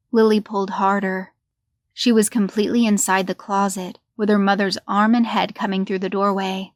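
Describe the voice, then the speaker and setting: A woman narrating a horror story in a measured, deliberate way. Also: mid-range voice, little pitch movement, no echo, clean studio sound.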